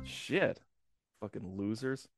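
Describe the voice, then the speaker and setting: A man's voice: fairly low pitch, lively intonation, takes it slowly, faint music behind. A man co-hosting a podcast, wisecracking and swearing in casual banter. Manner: wisecracking, profane. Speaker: podcast co-host.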